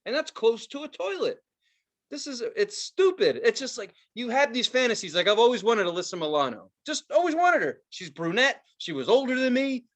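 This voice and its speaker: A man co-hosting a podcast in casual chat, ranting in an animated, profane way. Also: very high-pitched, brisk. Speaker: podcast co-host.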